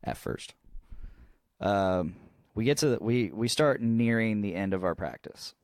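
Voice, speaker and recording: A man's voice: fairly low pitch, lively intonation, a little slow, no echo. A young man co-hosting a podcast, telling a long story in casual chat, rambling and swearing freely with lots of restarts. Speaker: podcast co-host.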